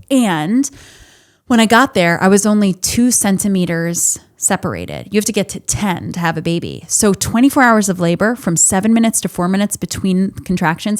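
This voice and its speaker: Woman, thirties, podcast host, candid, profane, storytelling monologue. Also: medium pitch. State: laughing and tearful.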